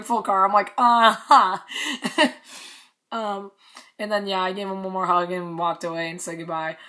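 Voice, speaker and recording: A woman's voice: medium pitch, bright, forceful tone. A young woman casually recounting a concert meet and greet, chatty, swearing and laughing often. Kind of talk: casual storytelling vlog.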